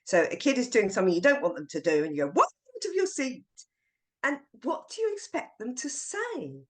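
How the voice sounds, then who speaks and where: Animated woman teacher trainer, podcast guest. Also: mid-range voice, fairly quick. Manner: lively storyteller acting out classroom voices. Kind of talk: podcast interview.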